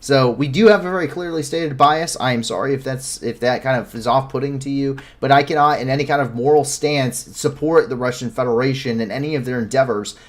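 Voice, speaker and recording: Male news host, mid-pitched voice, live commentary, stumbles and corrects himself, blunt asides. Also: fairly quick, hardly any pauses. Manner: frequent self-corrections and restarts.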